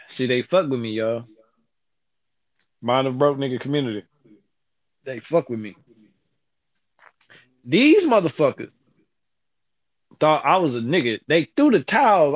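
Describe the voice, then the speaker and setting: A man with a fairly high, lively voice tells a rambling, profane story and jumps up and down in pitch as he acts out each quote. The recording is dry, with no room echo, and sounds dull and lo-fi. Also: a little slow, pauses often. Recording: dull lo-fi audio.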